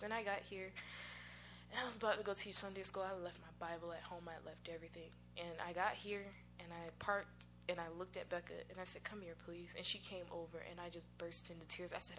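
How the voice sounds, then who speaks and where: With music playing behind her in a church sanctuary, an American church musician and worship singer tells her personal testimony, candid and conversational and laughing at herself. Her fairly low, slightly bright voice moves fairly quickly with fairly even intonation, over a little hiss or hum.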